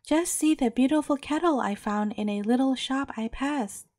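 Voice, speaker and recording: A woman reading as old male priest, storybook tale, fond and exclaiming, mellow tone. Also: high voice, moderate pace, no echo, clean studio sound, natural voice. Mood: proud.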